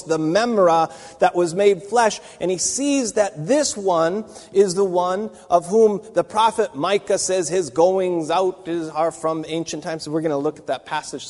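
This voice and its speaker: A man's voice: high-pitched, darkish tone, long reverb tail. A man giving a Bible teaching, talking it through conversationally with restarts and asides. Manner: conversational, thinking aloud with fillers and restarts.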